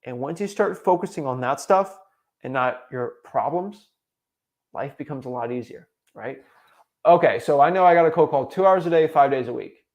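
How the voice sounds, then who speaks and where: A young man hosting a livestream, talking in an animated, emphatic way and driving his points home by repeating them. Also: a little high, moderate pace. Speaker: host. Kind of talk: motivational livestream talk.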